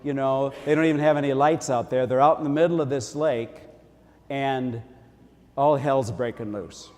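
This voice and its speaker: A man's voice: medium pitch, fairly even intonation, normal speed, darkish tone. Folksy priest guy giving a homily, chatty and homespun, big church echo. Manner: folksy, conversational preaching. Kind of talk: sermon. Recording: long church reverb.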